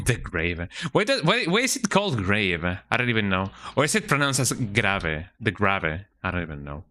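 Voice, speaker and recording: A man's voice: medium pitch, pushed and bright. A man streaming a game, chatting casually and muttering to himself as he reads setup steps aloud, often ending lines with "eh?". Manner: chatty, tags sentences with "eh?", mutters while reading instructions aloud. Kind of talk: casual live-stream chat.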